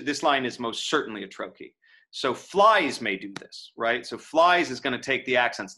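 Guy teaching shakespeare verse, bright clear voice, stops to think out loud. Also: mid-range voice. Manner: thinks aloud, reads verse lines slowly with stress. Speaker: lecturer. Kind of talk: online lecture on verse scansion.

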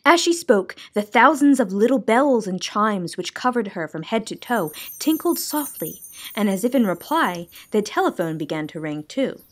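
A woman library storyteller reading a children's book aloud in a clear, measured, expressive way. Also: medium pitch.

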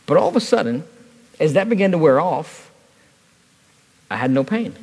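A man's voice: a little high, lively intonation, normal speed, darkish tone, slightly rough, big-room sound. A man preaching a sermon at a church service, telling a personal story in a conversational way with touches of humor.

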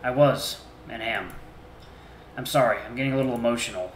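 A man reading a soft, halting young man. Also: medium pitch, echoey room, slight background noise, lightly acted, rough recording. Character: emotional young man remembering lost family.

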